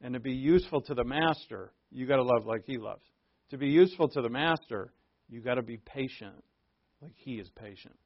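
A man preaching a conversational sermon, earnest, asking rhetorical questions and shifting from emphatic to hushed. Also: mid-range voice, fairly quick, lo-fi sound. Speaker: pastor.

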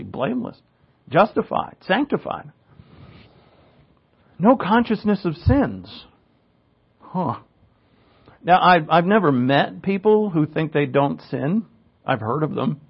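Guy pastor teaching the bible, kinda high gravelly voice, chatty asides, muffled lo-fi recording. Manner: asides and self-corrections, rising emphasis on key words. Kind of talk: conversational verse-by-verse sermon. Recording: dull lo-fi recording.

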